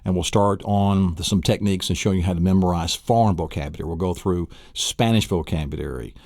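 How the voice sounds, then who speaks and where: A man's voice: sits low, fast talker, darkish tone, no room sound, clean studio sound. A man teaching a recorded memory course, enthusiastic and fond of acting out vivid mental pictures. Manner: enthusiastic, acts out vivid scenes. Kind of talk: recorded lesson.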